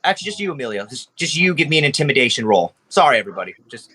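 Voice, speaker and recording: A man's voice: mid-range voice, big pitch swings, very fast, pushed and bright, slightly rough. A man narrating as game master, casual and rambling, with frequent restarts.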